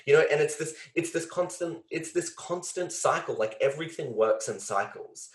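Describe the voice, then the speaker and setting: A male podcast host with a fairly high-pitched voice keeps a moderate pace and rarely pauses. He reflects out loud, earnest and emotional, his speech dotted with fillers and the odd swear, recorded in a space with roomy echo.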